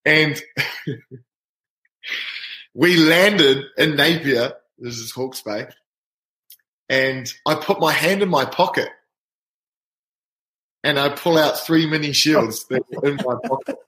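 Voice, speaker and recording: A man spins a rowdy rugby yarn in a lively, laughing way. His voice sits a touch high for a man, and it rings around an echoey room. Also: slow, pauses often. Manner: animated, laughing anecdote teller. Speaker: rugby player guest. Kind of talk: casual storytelling.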